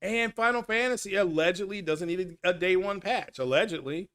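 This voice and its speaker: Animated high-voiced man ranting about games. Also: brisk. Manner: animated, rambling, repeats himself, reads chat names aloud. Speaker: gaming commentary host. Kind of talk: casual solo stream commentary.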